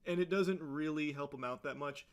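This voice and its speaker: A man giving casual, sarcastic reaction commentary, loose and profane and full of filler words. His voice sits slightly high. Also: moderate pace, clean tone.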